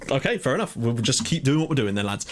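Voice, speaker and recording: A young man giving excitable live commentary on his own football management game, thinking aloud and swearing when it goes wrong. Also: medium pitch, fast, slight background noise. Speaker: gaming commentator.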